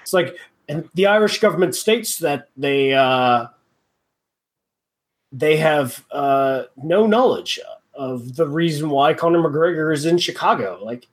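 A man's voice: on the high side, lively intonation, a little slow. Rambling, wry male podcast co-host. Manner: rambling, filler-heavy, wry. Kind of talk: casual podcast chat.

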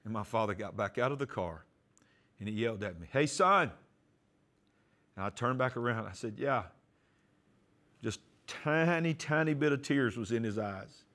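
Man, pastor, testimony sermon, acts out dialogue, soft for prayers. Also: fairly low pitch, a little fast. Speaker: pastor and TV host.

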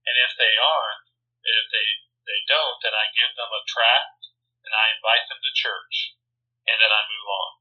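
A man's voice: fairly low pitch, steady tone, a little slow, husky. A man, a church minister, explaining outreach in a casual interview, earnest and explanatory with many fillers, over a lo-fi phone line.

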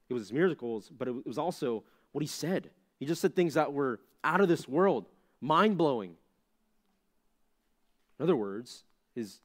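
Speaking to a junior high crowd, this young man, a youth pastor, preaches in a chatty, lively way and keeps tossing out rhetorical questions.

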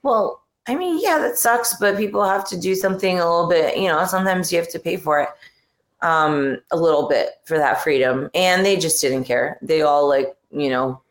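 A woman's voice: lowish voice, moderate pace, echoey room. A woman guest on a podcast talking frankly and irritably in casual conversation, trailing off with fillers. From New York and New Jersey area.

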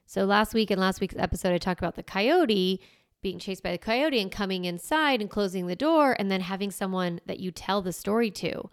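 Smooth-voiced woman giving lively parenting advice. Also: medium pitch, a little fast. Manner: animated, acts out little dialogues, laughs often. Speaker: parenting podcast host. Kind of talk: casual advice talk.

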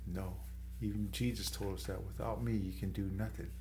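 This street evangelist from Arizona's San Carlos Apache reservation shares his personal testimony a little fast, in a darkish voice with fairly even intonation. As he becomes emotional he turns tearful, going up high whenever he's moved.

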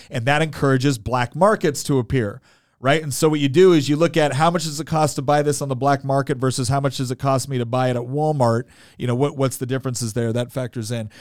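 A man's voice: medium pitch, smooth, dry recording, studio quality. Rambling American man in his forties. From United States. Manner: rambling storyteller, many fillers and restarts. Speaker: podcast co-host. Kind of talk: casual chat.

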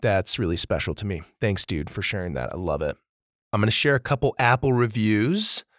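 A man hosting a children's story podcast, chatting casually and warmly to young listeners, upbeat and friendly, calling them dude and bud. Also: on the low side, a little fast, dry recording, studio quality. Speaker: podcast host.

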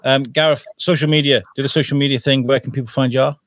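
A young man from Portsmouth hosts a relaxed podcast, teasing and joking freely. His voice sits mid-pitch and sounds close and dry. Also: fast talker, no room sound. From Portsmouth, southern England. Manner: jokey, playful. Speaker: podcast host. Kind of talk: casual chat.

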